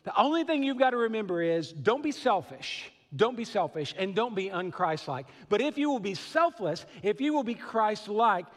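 A middle-aged pastor from Western Kentucky and Southern Illinois preaches with a Southern accent, his high voice swinging widely in pitch in a big-room sound. Talking at normal speed with few pauses, he stays earnest and conversational, adding asides.

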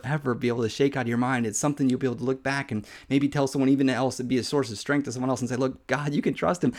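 A man in his thirties giving an informal podcast sermon, earnest and conversational, often saying "man" and repeating himself. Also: on the high side. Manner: earnest, conversational, says "man" often, with repetitions and little laughs. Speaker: podcast Bible teacher.

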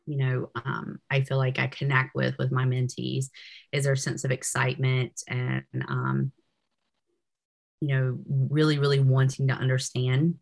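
A woman's voice: a bass voice, level tone, measured pace, creaky, darkish tone. A woman researcher talking as a podcast guest in easy conversation, often filling with "you know". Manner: chatty, peppers speech with "you know". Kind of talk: casual interview chat.

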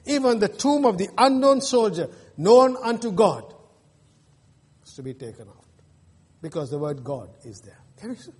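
Preaching an emphatic sermon with mocking jeers and pauses, this Australian pastor has a high, slightly mellow voice with a breathy edge and big pitch swings. The recording captures the reverberant church hall of his sanctuary.

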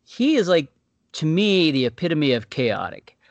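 A man in casual podcast chat who sounds excitable and tends to trail off mid-thought. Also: a little high, normal speed, dry recording, dull audio.

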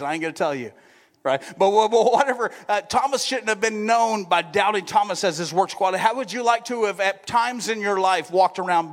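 A male pastor preaching a sermon in a conversational manner, often checking in with the congregation. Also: sits high. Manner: conversational, keeps asking the congregation "right?". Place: church sanctuary. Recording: long church-hall reverb.

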